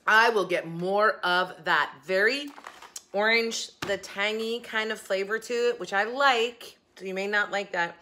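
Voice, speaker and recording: A woman's voice: medium pitch, unhurried, pushed and bright. A young woman chatting casually in her home kitchen as she reviews food, rambling with giggly asides. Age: young adult. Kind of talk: casual chat.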